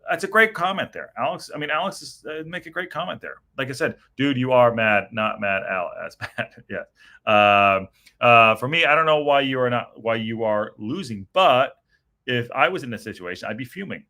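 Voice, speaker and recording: A man's voice: medium pitch, expressive, normal speed, sharp tone. A middle-aged man hosting a post-match reaction stream, rambling and swearing in frustration as he reads viewer comments. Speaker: podcast host reading chat.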